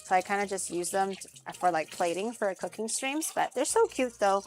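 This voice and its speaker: A woman's voice: medium pitch, animated, moderate pace. A young woman from Canada, chatting animatedly as she cooks on her stream, laughing often and swearing casually. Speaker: streamer hosting a cooking collab. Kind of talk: casual chat while cooking.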